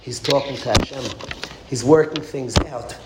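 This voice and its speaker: A man preaching a storytelling sermon, driving home points with repetition and sudden rises in force. The recording is roomy and echoing, with a steady hiss of noise underneath. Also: medium pitch, normal speed. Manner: emphatic, repetitive, swings from hushed to loud. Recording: echoey room with background noise.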